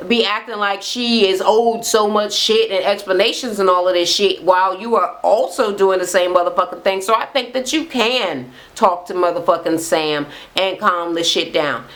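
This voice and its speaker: A woman vents through a reality TV recap in a blunt, heated rant full of swearing. Her voice sits at an ordinary middle pitch. She talks straight into her camera. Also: a bit bright. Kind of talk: profane ranting recap. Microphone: camera mic facing speaker.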